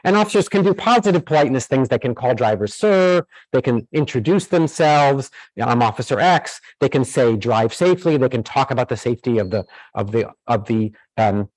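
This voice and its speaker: A man lecturing to a class, explaining ideas step by step and often restarting his sentences with "um" and "uh". His voice sits at an ordinary middle pitch. The sound is dry and close, with little room echo. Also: expressive, brisk, darkish tone. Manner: explanatory, with many fillers and restarts. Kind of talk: university lecture.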